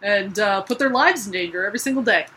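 A woman's voice: mid-range voice, quick pace, bright, forceful tone, slightly rough. A woman co-hosting a comic book podcast, chatting casually with wry, sarcastic humor and frequent laughs. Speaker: podcast co-host. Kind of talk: casual chat.

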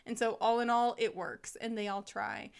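A woman's voice: a little high, fairly even intonation, normal speed, gravelly, clean tone. A woman teacher co-hosting a podcast in casual chat, talking about her classroom expectations with frequent "like" and easy laughter. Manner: chatty, laughs often, frequent "like".

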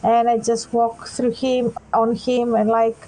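High-voiced woman playing a tabletop game. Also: monotone, a little slow, warm tone, low-quality recording. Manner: hesitant, casual with fillers. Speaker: player. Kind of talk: tabletop role-play chat.

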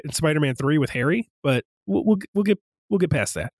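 A young man co-hosting a casual podcast, excitedly retelling movie scenes and jumping into high voices for quotes. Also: brisk, no room sound, studio quality. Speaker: podcast co-host.

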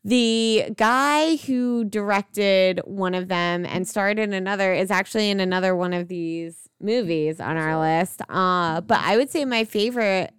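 A woman's voice: mid-range voice, unhurried, hardly any pauses, smooth, dry recording, studio quality. A young woman co-hosting a podcast, chatting casually about movies with lots of fillers, tangents and swearing. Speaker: podcast co-host.

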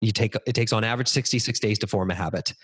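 Energetic man telling a story. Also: fairly low pitch, fast, slightly rough. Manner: energetic, acts out quoted dialogue. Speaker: podcast guest, business speaker. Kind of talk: conversational storytelling interview.

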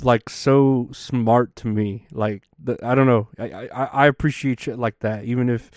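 Dude rambling on his podcast, swears a lot, lots of um and like, smooth clear voice, dry close sound. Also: medium pitch, steady tone, unhurried, a little mellow, no echo. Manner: profane, rambling, with many fillers. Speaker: podcast host. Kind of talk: casual rambling monologue.

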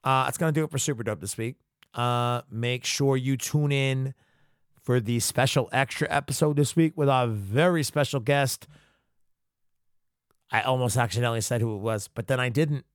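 A man hosting a podcast, ranting with heavy profanity in an animated, mock-outraged way. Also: medium pitch, moderate pace, dry recording, clean studio sound. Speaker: podcast host.

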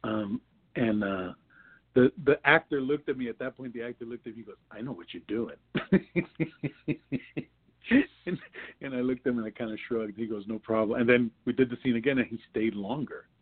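Over a tinny, phone-like connection, a husky man with a mid-range voice talks at a moderate pace. He's an actor from New York, guesting in a relaxed interview and spinning meandering stories, restarting often and laughing along the way.

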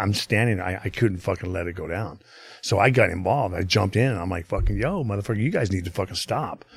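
Low-voiced man telling a rambling street story. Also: creaky, husky, no echo. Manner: profane, rambling, full of "you know what I mean". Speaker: podcast guest. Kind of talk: casual storytelling chat. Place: podcast studio.

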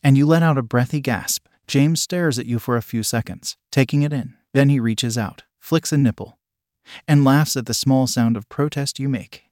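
A man narrating a second-person adult audio story in a soft, intimate way. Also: medium pitch, normal speed, no echo, studio quality.

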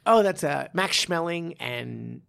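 A man's voice: fairly high pitch, expressive, takes it slowly, gravelly, a bit bright, smooth. A man co-hosting a casual podcast as a martial arts coach, rambling with lots of restarts and laughing easily. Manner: rambling, many restarts and fillers, laughs often.

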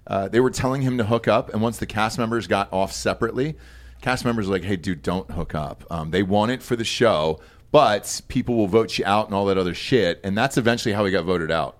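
A man's voice: on the low side, a little fast. A man hosting a podcast, asking the guest questions in a laid-back way and chiming in. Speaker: podcast host. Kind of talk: casual podcast chat.

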